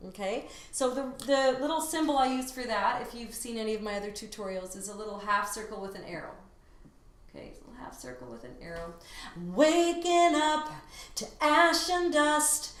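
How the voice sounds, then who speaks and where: Woman vocal coach, echoey room. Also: medium pitch. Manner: explains step by step, demonstrates sung phrases. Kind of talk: singing lesson tutorial.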